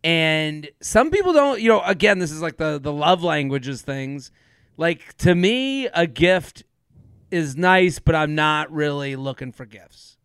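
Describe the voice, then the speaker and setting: A man chatting as a podcast co-host, his voice sitting a little high and sounding smooth and clean. He rambles and jokes, laughing easily between points. The recording is dry, with no room sound at all. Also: expressive, measured pace, fairly bright tone, no echo. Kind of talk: casual chat.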